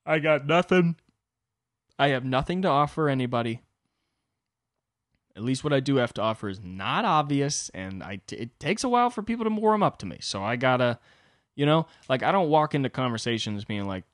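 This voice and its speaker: A man's voice: mid-range voice, brisk, no echo. Young guy doing a solo podcast, self-deprecating rant, voice jumps all over, dry close sound. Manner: self-deprecating, animated, acts out quoted voices. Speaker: podcast host. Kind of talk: casual solo comedic monologue.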